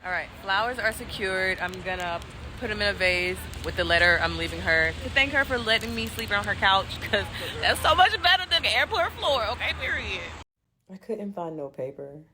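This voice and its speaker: Lively young woman vlogger. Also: medium pitch, normal speed, noisy background. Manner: animated, dramatic storytelling, addresses viewers directly. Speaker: travel vlogger. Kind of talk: storytelling vlog.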